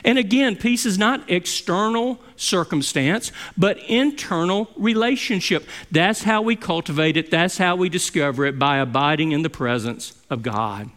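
Expressive male pastor preaching. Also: sits high, moderate pace, hardly any pauses. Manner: expressive, with swings between loud emphasis and soft near-whispered quotes. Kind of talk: sermon.

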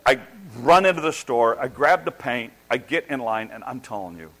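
A middle-aged man preaching a sermon as a pastor, telling a story with animated, self-deprecating humor and excited restarts. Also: mid-range voice, moderate pace, poor audio. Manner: restarts and repeats words when excited.

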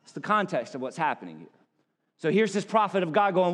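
A man preaching a sermon as pastor, conversational and relaxed, with quick asides to the congregation. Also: a little high, long reverb tail.

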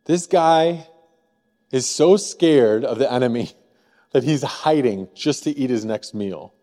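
A man from Missouri preaching a sermon as pastor, in a conversational way, often asking the room a quick "right?". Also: mid-range voice, animated, dark tone, big-room sound. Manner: conversational, frequent rhetorical "right?". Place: church sanctuary.

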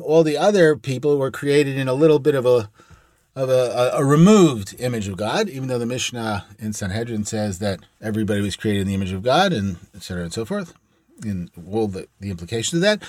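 A man at a middle pitch leads a text-study lecture, reading an ancient phrase aloud and then unpacking it in English. He talks in an explanatory, digressive way and adds asides as he goes. The recording is close and dry, with no room sound. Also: dry recording. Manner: reads Aramaic phrases aloud, then glosses them in English. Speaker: Talmud teacher.

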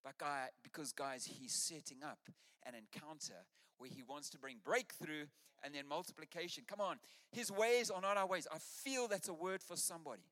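A man's voice: a little high, normal speed, a bit bright, big-room sound. An Australian man preaching a sermon to his church, rousing and urging the congregation on. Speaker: pastor.

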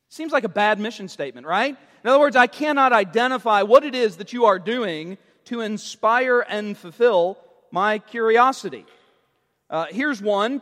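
A male pastor with a notably high, pushed and bright voice preaches expressively at a moderate pace, teasing the congregation and slipping jokes between his points. A long reverb suggests a large church sanctuary.

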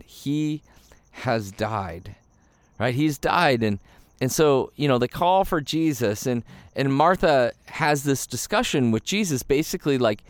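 A man's voice: medium pitch, no room sound. A man preaching an Easter sermon in a casual, conversational way, acting out quoted voices. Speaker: pastor.

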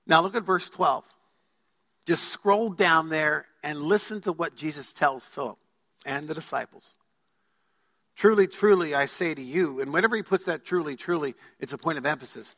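A man preaches a sermon in a reverberant church sanctuary, his voice high and bright. He is emphatic and keeps putting questions to the congregation. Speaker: pastor. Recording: long hall reverb.

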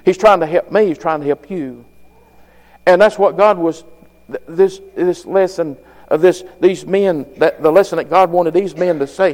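Speaking at a moderate pace, a high-voiced preacher gives a fervent, folksy, plain-spoken sermon. His volume and pitch rise on the key phrases, all carried by a long hall reverb.

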